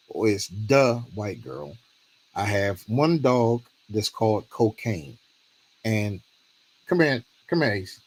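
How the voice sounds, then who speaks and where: A male streamer talks in a loose, rambling way and pleads with viewers to weigh in. His pitch swings widely, rising high when he begs for an answer and dropping low when he slows down. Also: no echo. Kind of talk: casual livestream talk.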